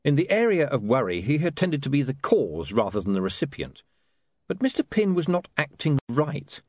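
Man narrating an audiobook with a lively voice. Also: a little high, moderate pace, dry recording, studio quality.

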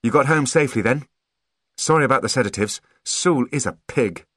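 A sharp-tongued young fairy officer, brisk and teasing, impatient to get to the point, put on by a male audiobook narrator. Her voice sits lifted and lively, swinging widely in pitch. It is close and dry, with no room around it. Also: breathy edge, dry recording. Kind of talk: audiobook character voice.

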